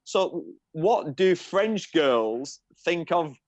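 A male host who teases his guests and jokes around. His voice sits a little high. The sound is dry and close. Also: animated, extremely slow, dry recording, dull audio. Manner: jokey, teasing. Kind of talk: casual interview chat.

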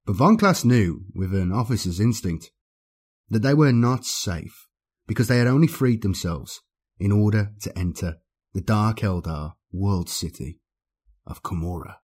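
Low, husky male audiobook narrator. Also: expressive, unhurried, darkish tone.

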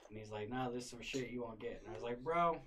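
A man's voice: medium pitch, fast, a little hiss or hum. A young man casually retelling a wild story, full of swearing and laughter. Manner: profane, animated, laughing retelling.

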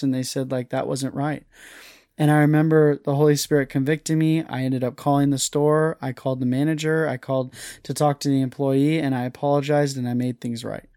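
A man's voice: mid-range voice, a little mellow, no echo, clean studio sound. A man talking as an interview guest, earnest and confessional, often restarting his sentences. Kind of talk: casual chat.

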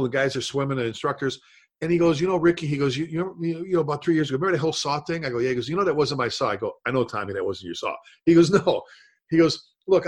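A man's voice: a little high, husky. A middle-aged man, a firefighter and instructor, telling a story in casual chat, acting out voices and saw noises.

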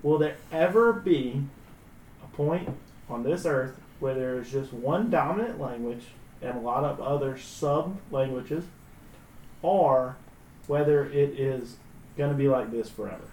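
A man hosting a relaxed, joking group chat. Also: mid-range voice, unhurried, slight background noise. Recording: echoey room, mic at a distance.

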